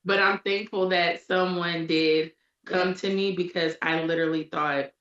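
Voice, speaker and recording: Low-voiced woman telling a candid story. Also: fairly even intonation, unhurried, a bit bright. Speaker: podcast co-host and parent. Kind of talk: casual chat. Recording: echoey room, dull lo-fi sound.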